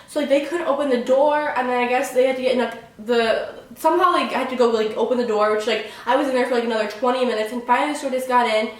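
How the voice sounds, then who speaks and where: Rapid, chatty young woman in an echoey room. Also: sits high. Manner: chatty, fills every phrase with "like"; excitable, dramatic retelling. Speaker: vlogger. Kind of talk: casual storytime vlog. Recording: very echoey room, mic at a distance.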